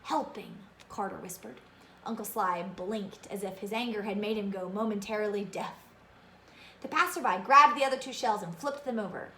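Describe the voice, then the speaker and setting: A woman reading a children's novel aloud in an expressive way, with asides to her listeners. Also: mid-range voice, normal speed, reverberant, slight background noise. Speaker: reader of a children's book.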